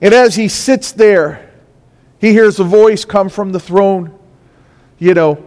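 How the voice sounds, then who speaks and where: High-voiced preacher in a reverberant hall. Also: male voice, a little slow, darkish tone. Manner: impassioned preaching, voice rising and falling with emphasis. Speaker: pastor. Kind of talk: sermon. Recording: long reverb of a large hall.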